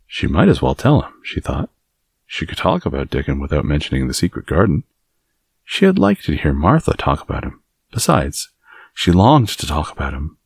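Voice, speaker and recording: A man narrating a classic children's novel as an audiobook, in a measured storytelling manner. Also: rumbling low, wildly swooping pitch, gravelly, slightly rough, no room sound, clean studio sound. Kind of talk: scripted narration.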